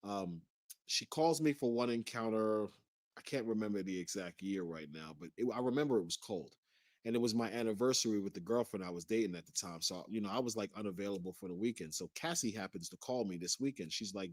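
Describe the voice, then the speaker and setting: A man's voice: on the low side, lively intonation, brisk, dry recording, clean studio sound. A man as an interview guest, recounting a personal story in an earnest way.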